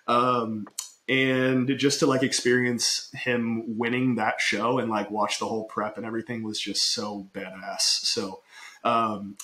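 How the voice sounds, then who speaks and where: A man's voice: mid-range voice, flat delivery, a little slow, sharp tone. A man hosting a casual podcast, upbeat and chatty, laughing often and running his sentences together. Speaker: podcast host.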